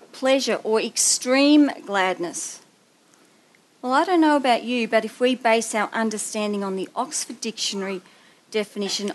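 A woman preaching a sermon, telling a family story with animated voices before reading scripture. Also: on the high side. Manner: animated storytelling, acting out a child's voice.

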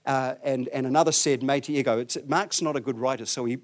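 A man preaching a sermon, telling the story with lively voices for the people in it. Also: mid-range voice, a little fast. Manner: animated storytelling, acts out voices.

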